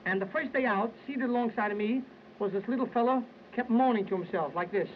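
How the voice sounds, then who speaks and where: High-voiced man, wisecracking stage comic. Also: a little hiss or hum. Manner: brisk wisecracking storyteller. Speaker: stage entertainer. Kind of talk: comic patter between songs. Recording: dull lo-fi 1920s sound film with loud music.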